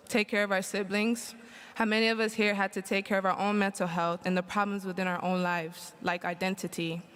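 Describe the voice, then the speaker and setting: Young woman, smooth clear voice, emotional graduation speech, long hall reverb. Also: mid-range voice, fairly bright tone. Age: young adult. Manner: emotional, holding back tears. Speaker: graduating student speaker.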